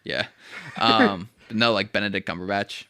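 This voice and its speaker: A man's voice: fairly low pitch, steady tone, normal speed, bright, forceful tone. A young man co-hosting a podcast, chatting casually and animatedly, swearing and laughing often. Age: young adult. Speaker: podcast co-host. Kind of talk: casual chat.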